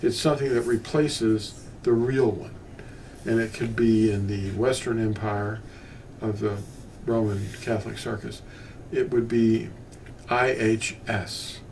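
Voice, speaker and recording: Gravelly and somewhat dark, the lowish voice of this older Bible teacher holds a steady tone and measured pace. He rambles through scripture without a script, restarting sentences and drifting into asides, heard from a far-off mic with faint room noise.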